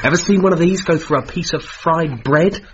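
A man's voice: a little high, a little fast, dull audio, background noise, natural voice. An actor playing a desperate young male office worker who turns jittery and threatening, in radio comedy acting. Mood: menacing.

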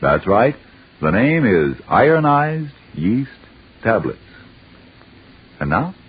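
A man's voice: mid-range voice, sing-song, slow pace, husky. A man announcing a commercial in emphatic, sing-song old radio style. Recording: tinny old radio broadcast.

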